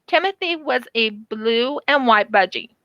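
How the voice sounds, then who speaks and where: Slow, bright-voiced woman telling stories. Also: a little high, no room sound, lo-fi sound. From United States. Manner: animated, acts out quotes in her storytelling. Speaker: craft channel vlogger. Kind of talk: casual storytelling while crafting.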